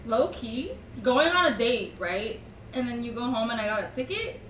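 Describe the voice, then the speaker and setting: A woman telling a story in casual chat, talking fast with lots of "like" and frequent laughter. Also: on the high side, animated, fairly bright tone. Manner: chatty, laughs often, peppered with "like". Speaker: streamer's girlfriend telling a story. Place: room at home. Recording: echoey room, mic at a distance, faint hiss.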